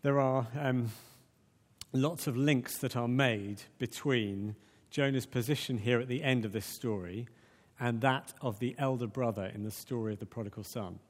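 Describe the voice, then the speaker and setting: A man preaching a sermon in a conversational, animated way, with many restarts. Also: medium pitch, moderate pace. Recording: long reverb of a large hall.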